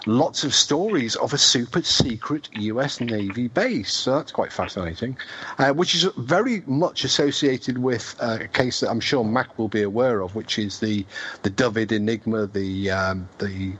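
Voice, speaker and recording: A man's voice: medium pitch, normal speed, fairly bright tone, slightly rough. A man co-hosting a casual radio chat, talking in a hesitant way with many fillers and restarts. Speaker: co-host. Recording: dull lo-fi radio audio.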